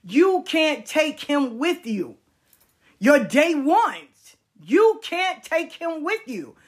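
A woman's voice: sits high, sing-song, pitched above the performer's own voice, heavily acted. A woman doing a wise, firm aunt. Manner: slow, firm, advising. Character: wise middle-aged aunt giving firm advice.

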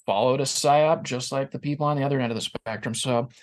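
A man's voice: mid-range voice, steady tone, fast talker. A man speaking earnestly and reflectively as a guest in a casual podcast conversation.

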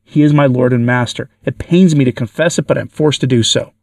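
A man's voice: medium pitch, brisk, gravelly, a little mellow, dry recording. A man voicing a tormented male demon who shrieks and laughs defiantly, reading it for an audio story. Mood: anguished. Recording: dry, from far off the mic.

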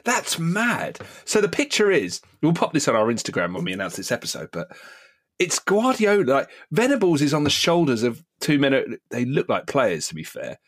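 A man co-hosting a podcast in casual chat, telling anecdotes in an animated way and laughing as he goes. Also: mid-range voice, moderate pace.

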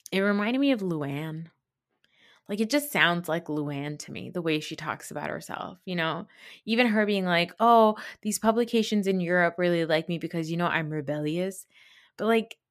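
A woman's voice: lowish voice, a bit bright. A woman hosting a podcast, giving a tired, sarcastic, rambling recap of a reality show, swearing now and then. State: tired, late at night. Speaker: podcast host.

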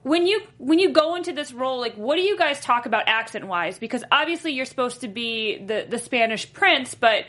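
A woman's voice: sits high, lively intonation, brisk, hardly any pauses, a bit bright. A woman hosting a casual interview, chatty and reading viewer questions from the chat. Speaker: host.

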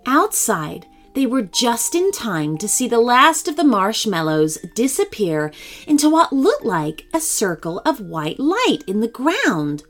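Slow, expressive woman storyteller for a children's read-aloud. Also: a little high.

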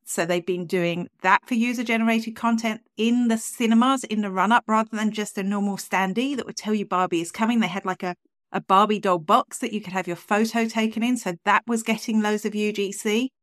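A woman's voice: medium pitch, dry recording, studio quality. A woman co-hosting a podcast in a chatty, upbeat way that often breaks into laughter. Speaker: podcast co-host. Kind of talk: casual chat.

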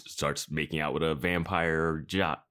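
A man co-hosting a podcast, chatting in a rambling, animated way. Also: rumbling low, unhurried. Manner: animated, rambling, bursts of laughter. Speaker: podcast co-host. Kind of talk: casual chat.

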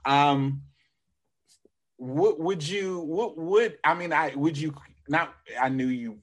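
A man hosting a podcast interview, chatting casually and often restarting his sentences. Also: a little high. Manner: halting, restarts often, easygoing. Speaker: podcast host.

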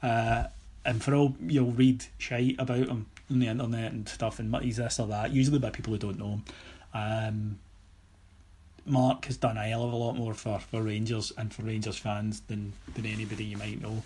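A Scottish man telling stories on a podcast in a casual, animated way, mimicking other people and swearing now and then. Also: lowish voice, normal speed, husky. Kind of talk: casual anecdotal storytelling.

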